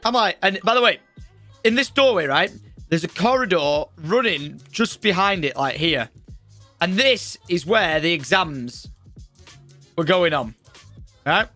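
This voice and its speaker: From his home streaming room, a young man with a high-pitched voice tells his stream audience a story about school, speaking a little slowly with long pauses. He swears freely and plays every character with lively energy, even acting out the teacher's shouting. Faint music plays behind him.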